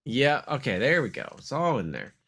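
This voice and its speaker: A man's voice: medium pitch, very animated, normal speed, a bit bright. A man co-hosting a podcast in casual comedic chat, rambling and laughing often. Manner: goofy, rambling, laughs a lot. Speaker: podcast co-host.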